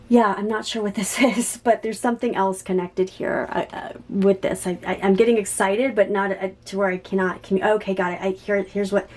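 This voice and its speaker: A woman gives a tarot reading as it comes to her, thrilled and stumbling over her own words as she goes. She restarts her sentences and fills the gaps with filler sounds. Her voice sits at a middling pitch for a woman. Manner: excited, halting, many restarts and fillers; drops to soft whispers while shuffling cards. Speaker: psychic tarot reader. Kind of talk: spontaneous tarot reading to camera.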